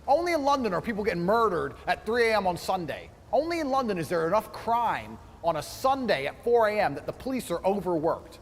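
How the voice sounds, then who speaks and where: A man rattles off an indignant anecdote, full of swearing and acted-out dialogue. His voice sits high and swings widely in pitch at a quick clip. There is a long hall-like tail on the voice and a faint hiss underneath. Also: sing-song. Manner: indignant, swearing, acts out other people's lines. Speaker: storyteller in a played clip. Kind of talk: profane animated anecdote.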